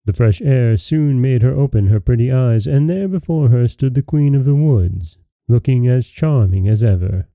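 A man reads a fairy tale aloud in calm, even storybook narration. His voice is gravelly and very dark. The recording is dry, with no room sound, and a little dull. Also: medium pitch, normal speed, no echo. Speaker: podcast host and storyteller.

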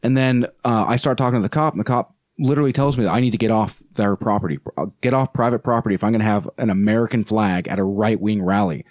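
A man who is a nonprofit spokesperson, telling an animated story as a podcast guest with many fillers and restarts. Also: fairly low pitch, quick pace, few pauses, no room sound, studio quality.

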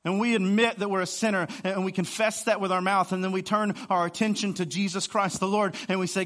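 A man preaching a streamed sermon, earnest and pleading, moving between hushed passages and fervent ones. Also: sits high, level tone, a little fast, few pauses. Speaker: pastor. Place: streamed online service.

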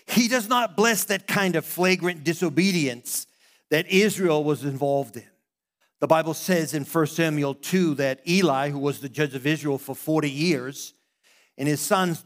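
A man's voice: on the high side, a bit bright. A middle-aged man, a pastor, preaching a sermon in a conversational way, often stopping and restarting his sentences.

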